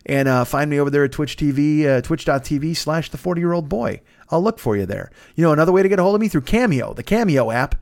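A man in his forties with a fairly high voice, recorded dry and close at a desk microphone in his apartment. He rambles through casual podcast plugs, swearing freely, mocking himself and restarting his sentences. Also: lively intonation, fast talker, gravelly, few pauses, darkish tone, no echo. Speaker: podcast host.

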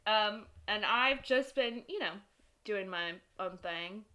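A woman co-hosting a casual podcast with a bright, ringing voice. She rambles and giggles, often laughing at herself. She talks into a microphone she shares with her co-host. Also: medium pitch, slow. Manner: giggly, rambling and self-deprecating. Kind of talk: casual chat. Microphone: sharing one microphone.

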